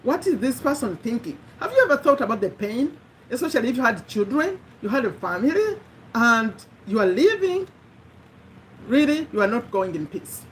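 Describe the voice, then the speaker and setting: A woman's voice: on the high side, very animated, normal speed, a little hiss or hum, rough recording. A woman giving an earnest, conversational motivational talk, repeating her key phrases for emphasis. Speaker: motivational speaker.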